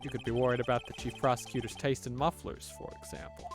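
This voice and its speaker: A man's voice: medium pitch, flat delivery, quick pace, over music, lightly acted. A man voicing a folksy, easygoing Texan cowboy detective with a put-on Southern drawl.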